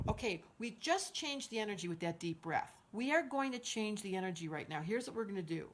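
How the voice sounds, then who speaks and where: A woman's voice: medium pitch, expressive, a little fast, background noise. A woman in her sixties hosting a live stream as an astrologer. She is effusive and encouraging, reads viewer comments aloud and leads group breathing. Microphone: livestream setup.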